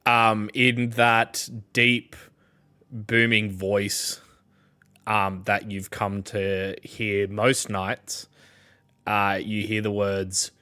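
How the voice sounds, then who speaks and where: A man with an Australian accent narrating as game master, slow and full of fillers. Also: on the low side, little pitch movement, sharp tone, clean tone. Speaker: dungeon master.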